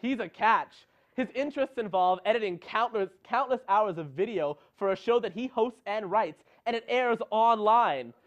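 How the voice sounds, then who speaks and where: A young man with a high voice reads a comic script in a deadpan mock-promotional tone. The recording sounds dull and lo-fi. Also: moderate pace. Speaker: segment narrator.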